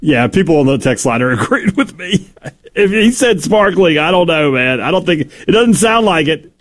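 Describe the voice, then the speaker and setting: A man talks sports radio banter into a studio mic. His pitch swings widely as he argues and laughs. He sits a touch high for a man's voice. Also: normal speed. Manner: animated, laughing, emphatic.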